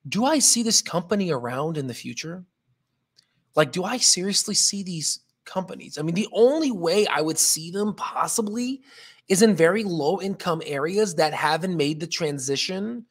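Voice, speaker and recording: A man hosting a stock market channel, walking through a chart in casual, rambling talk full of fillers and restarts, sounding a bit tired. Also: fairly high pitch. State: yawning, tired.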